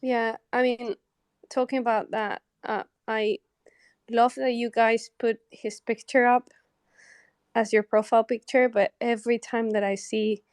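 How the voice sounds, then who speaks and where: A woman's voice: on the high side, level tone, a little slow, clean tone, no echo, clean studio sound. A woman in a casual group conversation, speaking candidly and swearing now and then.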